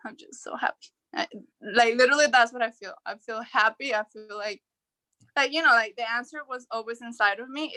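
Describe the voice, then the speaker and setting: A woman's voice: fairly high pitch, bright, forceful tone, dry recording, rough recording. A woman on a coaching call, tearful, heartfelt and rambling with many fillers. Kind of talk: emotional call-in chat.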